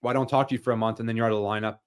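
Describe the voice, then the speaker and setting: A man's voice: medium pitch, steady tone, very fast, clean tone, no room sound, clean studio sound. A man as a podcast guest, telling stories in casual chat with frequent restarts and fillers. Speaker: podcast guest, former hockey player.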